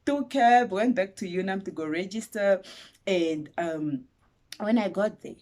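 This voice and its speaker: A woman in her twenties with a Namibian accent, telling a story to her vlog viewers in a dramatic, animated way. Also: fairly low pitch, measured pace. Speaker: YouTuber.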